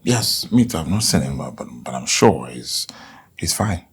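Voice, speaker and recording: A man's voice: rumbling low, big pitch swings, moderate pace, slightly rough, heavily acted. An actor playing a stern, strict father who gives firm orders and stammers when uneasy.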